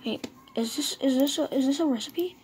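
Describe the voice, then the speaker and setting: A woman giving casual, excitable commentary while she plays a game, talking to herself. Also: high voice, brisk, slight background noise. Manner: chatty, excitable, talks to herself. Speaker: gamer.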